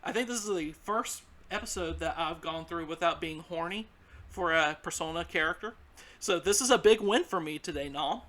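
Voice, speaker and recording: A man's voice: fairly high pitch, normal speed, sharp tone. A man in his twenties with a Southern US accent, hosting a casual podcast chat. He swears freely and laughs often. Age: 20s. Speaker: podcast host.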